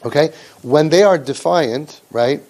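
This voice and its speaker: A male parenting coach a lilt, speaking to a group of parents. His voice sits a little high, and his tone is sarcastic and animated as he mimics the kids and the parents in exaggerated voices. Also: a little slow. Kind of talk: spoken parent training talk.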